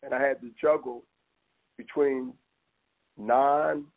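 A man's voice: medium pitch, fairly even intonation, unhurried. A man talking with passion, rambling and emphatic, often calling the listener "man". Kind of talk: impassioned casual talk. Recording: tinny phone-line audio.

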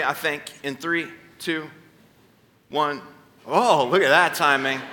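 A man's voice: sits high, sharp tone. A man in his thirties preaching a Sunday sermon in a church, telling stories with playful asides to the congregation. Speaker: pastor. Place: church stage before a congregation.

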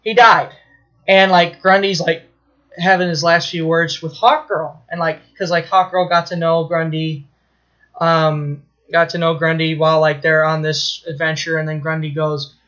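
Excitable, high-voiced man telling a story. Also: normal speed, dull audio. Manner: excitable, swears freely, lots of fillers and restarts. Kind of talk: casual chat retelling a story.

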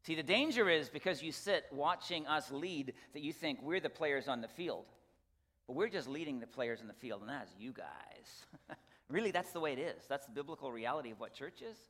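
A man's voice: mid-range voice, expressive, moderate pace, fairly bright tone. A man who is a pastor, giving a casual, folksy church announcement and then leading a prayer from the pulpit. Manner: conversational, folksy, with restarts and asides. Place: church sanctuary. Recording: long reverb of a church sanctuary.

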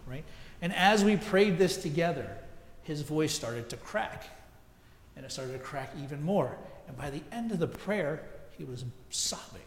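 Pastor preaching in an echoey church. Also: male voice, fairly high pitch, animated, a little slow, a little hiss or hum. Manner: conversational storytelling with asides. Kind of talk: sermon.

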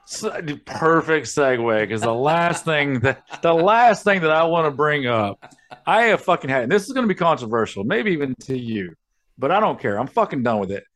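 A man's voice: a little high, very animated, normal speed, fairly bright tone. A man hosting a podcast, ranting and telling stories in a casual, profane way. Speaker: podcast host.

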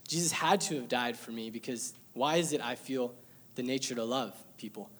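A man's voice: mid-range voice, moderate pace. Young man giving an earnest testimony. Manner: earnest, emotional storytelling with light laughter. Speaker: church member sharing testimony. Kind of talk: personal testimony to a congregation.

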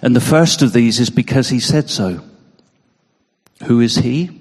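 A man's voice: mid-range voice, expressive, unhurried, a little mellow, breathy edge, big-room sound. A man preaching a sermon in an earnest way, emotional, often repeating words as he stresses a point.

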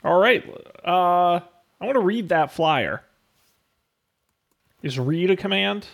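Gravelly, animated man calling out commands. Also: high-pitched. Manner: tentative, directs commands with quick corrections. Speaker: podcast co-host giving game commands. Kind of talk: casual play-through chat.

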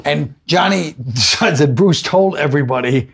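Husky-voiced man telling stories. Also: on the high side, normal speed. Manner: rambling, profane, animated anecdotes. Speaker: guest comedian. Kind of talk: casual storytelling chat.

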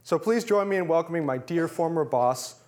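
A man's voice: fairly high pitch, animated, a little fast. A young man, a former chief of staff, giving a humorous prepared introduction at a podium in a lecture hall. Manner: humorous, warm anecdotes drawing laughs. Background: audience laughter.

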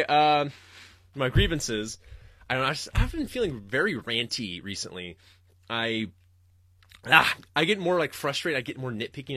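A man's voice: medium pitch, bright, forceful tone, no echo, studio quality. A young man hosting a podcast, ranting and rambling solo with lots of swearing and laughter. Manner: rambling, profane, laughing ranter. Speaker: podcast host.

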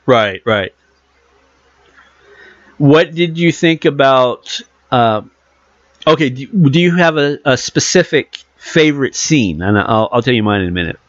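A man's voice: medium pitch, lively intonation, a little slow, no room sound. A man casually discussing a movie, retelling scenes animatedly with fillers like "uh" and "you know". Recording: dull lo-fi dry recording.

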